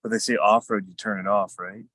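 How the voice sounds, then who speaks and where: A man with a lowish voice chats casually and thinks aloud, often trailing off unsure. The sound is dry and close. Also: steady tone, a little fast, a bit bright, dry recording. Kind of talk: casual group chat.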